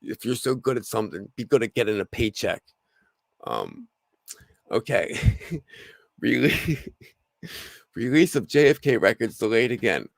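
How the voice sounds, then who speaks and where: A slightly hoarse man with a gravelly voice hosting a casual livestream, rambling with lots of fillers and restarts. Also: medium pitch, big pitch swings, measured pace, pauses often, no echo. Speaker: livestream host.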